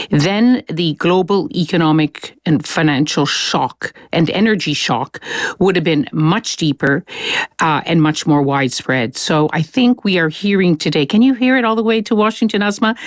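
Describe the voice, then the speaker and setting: A woman explaining world news in a measured, conversational way on a studio podcast, with occasional restarts. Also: fairly low pitch, no room sound. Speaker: foreign affairs analyst. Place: London studio.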